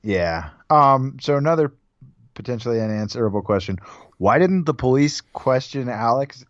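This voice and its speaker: Uomo rilassato, registrazione asciutta e un po' spenta. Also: male voice, medium pitch, moderate pace, dry recording, highs cut off. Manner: relaxed, leads the questions, soft laughs. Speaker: podcast co-host. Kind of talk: casual chat.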